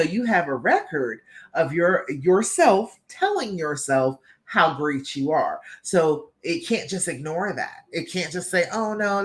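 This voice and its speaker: On a live stream, a woman with a low-pitched voice works as a love coach, speaking upbeat, encouraging words to her audience. She constantly checks in with "okay?" and "all right?" while she coaches.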